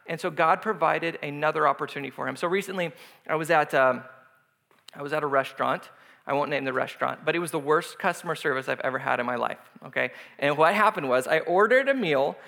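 A man with a high, bright voice delivers a sermon in a loose, conversational storytelling manner. He jokes and laughs with the room as he goes. The sound carries a long hall reverb. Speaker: pastor.

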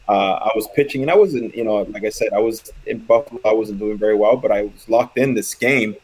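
A man and former pitcher telling stories in casual chat, acting out quoted lines. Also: poor audio. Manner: loose storyteller who acts out quotes.

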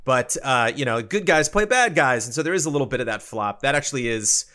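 A man talking casually as a podcast co-host, rambling and animated, his words full of fillers and restarts. His voice sits at an ordinary middle pitch for a man. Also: a little fast. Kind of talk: casual chat.

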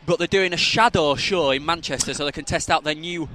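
A man's voice: fairly high pitch, brisk, slight background noise. A man co-hosting a podcast, chatting and joking with a friend at a football match. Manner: joking, chatty, jumps between loud outbursts and mutters. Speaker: podcast co-host. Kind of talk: casual chat.

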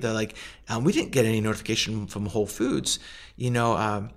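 A middle-aged food company founder, appearing as a guest in what sounds like a casual interview, talks fast in a relaxed storytelling style, his voice sitting a little low. He's animated, uses plenty of fillers, and acts out the voices of the people he quotes.

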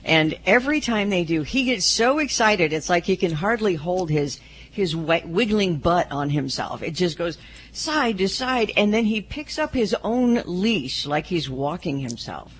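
Husky, lively woman news co-host. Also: lowish voice, a little slow. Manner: playful and chatty. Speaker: radio newsroom co-host. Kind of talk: casual radio chat.

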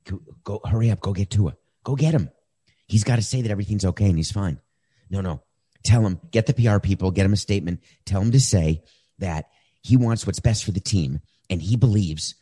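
A man's voice: on the low side, a little fast, mellow, slightly rough. A man voicing a panicky male head coach who scrambles and hisses orders to his staff during a press conference. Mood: frantic. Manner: frantic, whispering asides to staff.

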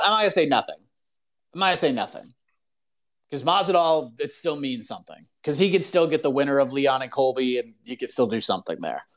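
A man hosting a live call-in show, ranting in an animated, opinionated way full of "like" fillers. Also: a little high. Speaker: podcast host.

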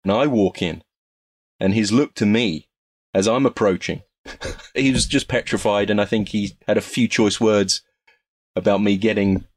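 An English man, a guest actor in a casual interview, telling animated stories and laughing often. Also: fairly low pitch, normal speed, pauses often, no echo. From England.

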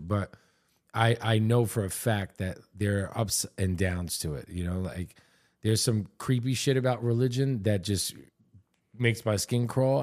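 A man's voice: fairly low pitch, darkish tone. A man co-hosting a podcast, chatting casually and speaking earnestly and reflectively while often chiming in with short agreement. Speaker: podcast co-host. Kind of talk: casual chat.

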